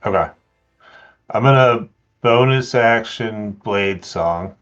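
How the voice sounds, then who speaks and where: A man's voice: fairly low pitch, slow, a bit bright, dull audio, soft background music. A man playing a tabletop game, hesitantly checking rules before he acts. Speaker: player.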